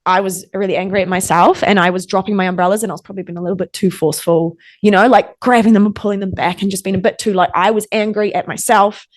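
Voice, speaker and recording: A woman's voice: medium pitch, fairly even intonation, fast, hardly any pauses. A young woman, an interview guest chatting casually and acting out old conversations as she tells stories. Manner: chatty storyteller, lots of "like", acts out quoted exchanges.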